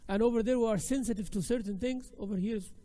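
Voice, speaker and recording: Male teacher, high-pitched and animated, talks casually with his class and acts out examples. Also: fast, no echo. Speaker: Islamic studies teacher. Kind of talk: classroom lecture.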